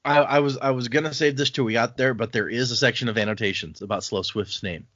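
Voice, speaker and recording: A man with a mid-pitched voice muses over a fantasy book and reads out notes, pausing on fillers as he goes. The sound is dry and close. The audio is dull and lo-fi. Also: fairly bright tone, no echo. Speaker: podcast co-host. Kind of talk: casual book-club chat.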